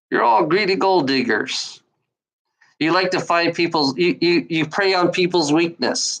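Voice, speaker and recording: A man's voice: medium pitch, low-quality recording. A man livestreaming alone, ranting at his chat trolls in a scornful, profane, repetitive way. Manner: profane, scornful, repeats himself, talks back to chat. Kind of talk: rambling livestream rant.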